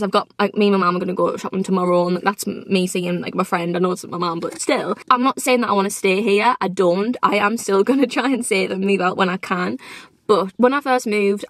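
A woman's voice: mid-range voice, dry recording. Vlogger in her 20s, chatty girl filming in the car, dry close sound, mid voice. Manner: chatty, rambling, often laughing. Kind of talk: casual chat to camera. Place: inside a car. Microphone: phone or camera in a car.

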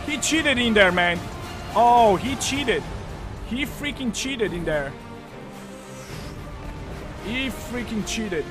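A man commentating his own gameplay on a live stream, thinking aloud with lots of fillers and breaking into loud, excited shouts. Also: sits high, takes it slowly, long pauses, music in the background. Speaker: game streamer.

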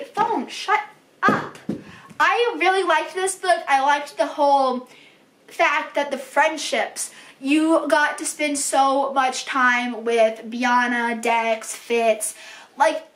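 A young woman book vlogger chats casually about books she has read, gushing and full of fillers. Her high-pitched, fairly bright voice keeps a steady tone and takes things slowly, recorded in an echoey room.

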